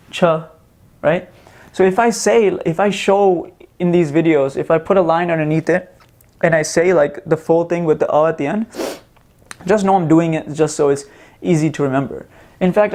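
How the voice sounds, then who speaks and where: A man with a slightly higher-than-usual voice teaches in a loose, conversational way. He sounds out single letters one at a time, repeats himself, and keeps checking in with his listeners. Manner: relaxed, repeats sounds slowly with many "right?" check-ins. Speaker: Sanskrit teacher. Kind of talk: casual explanatory lesson.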